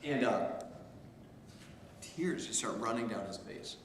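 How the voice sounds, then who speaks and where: A man's voice: medium pitch, lively intonation, slow. A man teaching a theology class, telling stories in a conversational way with many restarts. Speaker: theology instructor. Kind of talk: informal class discussion. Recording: echoey hall, faint room noise.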